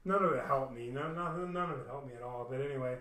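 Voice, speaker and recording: A man's voice: mid-range voice, quick pace, fairly bright tone. Profane rambling man, echoey room. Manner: rambling, profane, restarts often, acts out other people's lines. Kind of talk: casual storytelling rant.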